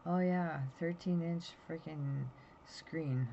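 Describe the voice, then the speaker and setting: A woman's voice: sits low, steady tone, unhurried, gravelly, warm tone. A woman in her fifties rambling anxiously through a story as she chats to her phone camera, tired and yawning. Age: 50s. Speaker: vlogger. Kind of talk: casual chat to camera. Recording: dull lo-fi sound with faint noise.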